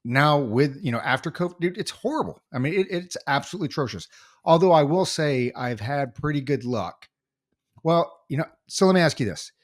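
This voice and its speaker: A man co-hosting a podcast, telling a story in casual chat, animated and full of restarts. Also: on the high side, brisk. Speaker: podcast co-host.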